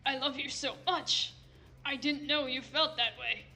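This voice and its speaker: A woman's voice: high-pitched, fairly even intonation, measured pace, pushed and bright, soft background music, exaggerated voice. A woman voicing a tender elderly male president who comforts his rival in a sobbing, soothing melodramatic style.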